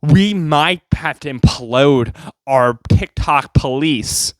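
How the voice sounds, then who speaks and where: A man's voice: on the high side, slow pace, no room sound. A man voicing a polite, bureaucratic online moderator with prim, formal speech.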